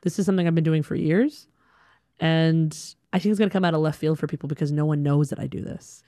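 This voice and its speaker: Animated woman from Alabama telling a story. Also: low-pitched, quick pace, no echo, clean studio sound. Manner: animated, acts out dialogue. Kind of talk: personal storytelling.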